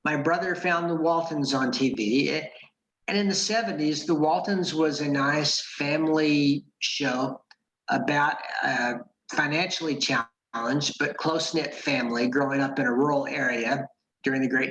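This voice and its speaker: A middle-aged man giving a club speech and telling a personal story in a measured, wry way with dry asides. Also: a little high, fairly even intonation, a bit bright, highs cut off. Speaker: club speaker. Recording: roomy echo.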